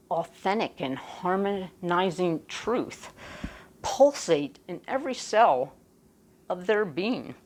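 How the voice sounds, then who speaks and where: A woman minister giving a sermon, speaking deliberately with emphatic pauses. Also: fairly low pitch.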